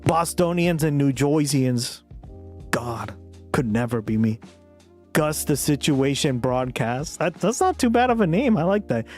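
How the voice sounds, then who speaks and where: A man's voice: a little high, expressive, measured pace, darkish tone, soft background music. A man hosting a live stream in casual chat, laughing often and swearing as he riffs. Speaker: streamer host.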